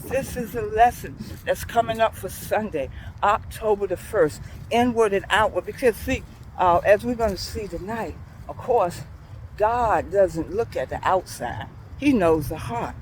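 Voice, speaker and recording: A woman's voice: medium pitch, a little hiss or hum, low-quality recording. A middle-aged woman, a church school teacher, giving a folksy devotional talk while out on a morning walk, chuckling as she tells stories. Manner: folksy storytelling, chuckling often.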